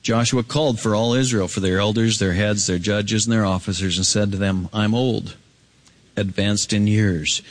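A man preaching an expository sermon, swinging from soaring emphatic peaks down to low hushed asides. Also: fairly even intonation, moderate pace. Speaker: pastor.

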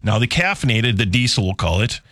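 A man's voice: fairly low pitch, no echo. A man hosting a morning radio show, chatting casually and joking, with studio microphone sound. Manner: animated, joking, quick asides.

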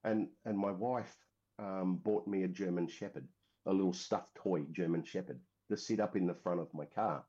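Australian man, veteran guest, low pitch, mellow tone, rambling with fillers, muffled lo-fi sound. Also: normal speed. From Western Australia. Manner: rambling, frequent fillers and restarts. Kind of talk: casual interview storytelling. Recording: dull lo-fi audio.

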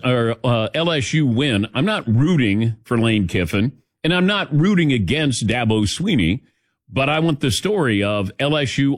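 Middle-aged guy hosting sports radio, lively up and down voice, dry studio mic, chatty. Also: medium pitch, no echo. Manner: chatty, storytelling, laughs often. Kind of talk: casual sports talk.

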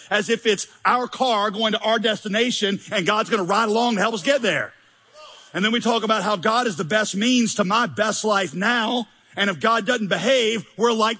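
A man's voice: high voice, a little fast, bright, forceful tone, breathy edge, big-room sound. A male pastor preaching a sermon in a conversational, humorous, emphatic way with many rhetorical questions.

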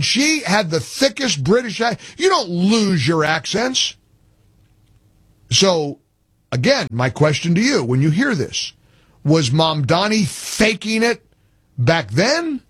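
A man's voice: high-pitched, very animated, slow, slightly rough, dry recording. A man hosting a call-in talk radio show, delivering an emphatic monologue and repeating phrases as he builds his point. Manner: emphatic, repeats himself when worked up.

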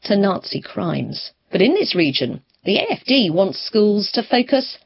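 Woman correspondent with lively intonation. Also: medium pitch, vocal fry, breathy edge, dry recording, muffled recording. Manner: measured, descriptive reporting. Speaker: foreign correspondent. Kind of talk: news report narration.

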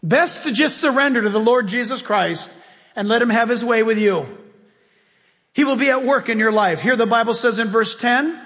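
A man preaches from the pulpit in a strikingly high voice. His talk is emphatic and conversational, full of folksy asides. Long reverb from a large church hall trails every phrase. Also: normal speed, fairly bright tone. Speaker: pastor. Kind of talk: sermon.

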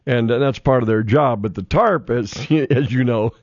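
A man's voice: mid-range voice, normal speed, dry recording. A man, a sports reporter chatting casually on air, laughing often and rambling through restarts. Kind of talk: casual radio sports chat. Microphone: studio microphone. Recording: slightly dull, dry radio studio sound.

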